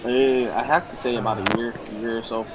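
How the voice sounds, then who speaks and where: A man's voice: mid-range voice, fairly even intonation, fairly quick, heavy background noise. A man speaking hesitantly in character as a player in a tabletop game. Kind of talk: in-character tabletop role-play.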